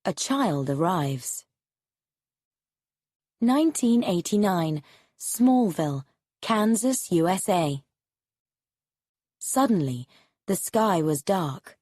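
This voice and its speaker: Woman reading a learner storybook, super slow and deliberate, husky voice, dry close sound. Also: fairly low pitch, darkish tone, dry recording. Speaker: story narrator. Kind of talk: graded reader narration for English learners.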